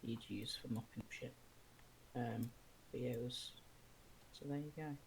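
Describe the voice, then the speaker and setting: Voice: mid-range voice, fairly even intonation, unhurried, gravelly, slight background noise. A gamer chatting casually with friends while playing, sweary, joking and rambling. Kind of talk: casual gaming chat.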